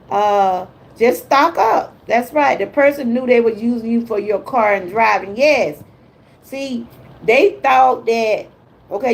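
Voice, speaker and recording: A woman's voice: on the high side, vocal fry, low-quality recording. Chatty older woman on a livestream. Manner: chatty, folksy, reads out viewer comments. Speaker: lifestyle vlogger hosting a livestream. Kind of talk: casual motivational livestream chat.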